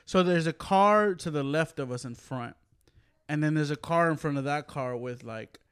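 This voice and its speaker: A man co-hosting a podcast in casual chat, relaxed and filler-heavy, laughing as he tells a driving story. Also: on the high side, moderate pace, clear, resonant tone. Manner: relaxed, laughs often, says "like" and "dude". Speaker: podcast co-host.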